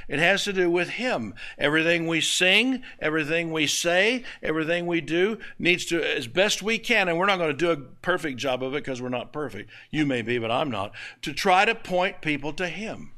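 A man preaching a sermon, telling a folksy personal story with asides and drawn-out emphatic words. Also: a little high, lively intonation, sharp tone, rough recording. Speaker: pastor.

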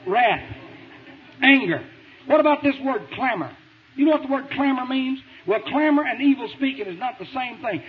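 High-voiced preacher on tinny radio. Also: male voice, lively intonation, moderate pace, a crowd in the background. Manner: folksy, emphatic, rising to shouts. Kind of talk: sermon. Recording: tinny phone-like radio broadcast with faint hiss.

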